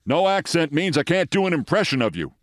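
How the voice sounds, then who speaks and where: A man putting on a gruff, blunt older man with a Brooklyn accent, as in a told anecdote. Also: on the high side, very animated, brisk, no echo, voice pushed up. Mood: grumbling.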